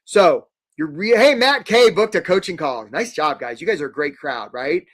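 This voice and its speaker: A man hosting a live career webinar, energetic and jokey, acting out quick little quoted voices. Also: on the high side.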